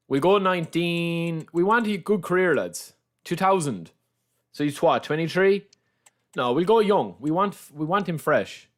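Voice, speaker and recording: A man's voice: on the high side, fairly bright tone. A man streaming a football game, chatting casually and teasing his viewers, repeating himself as he rambles. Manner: teasing banter with chat, calls everyone lads. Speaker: gaming livestreamer. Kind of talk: casual live-stream chat while playing.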